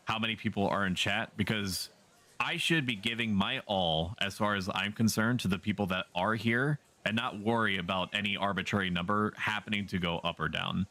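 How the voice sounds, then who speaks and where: A man's voice: on the low side, sharp tone. A man livestreaming a game, chatting casually with his viewers, joking and swearing freely. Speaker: streamer.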